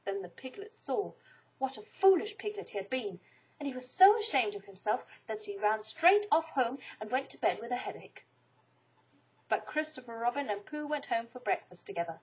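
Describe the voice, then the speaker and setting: Husky woman reading a storybook aloud. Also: on the high side, moderate pace. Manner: expressive, animated read-aloud. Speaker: storybook reader. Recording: dull lo-fi recording.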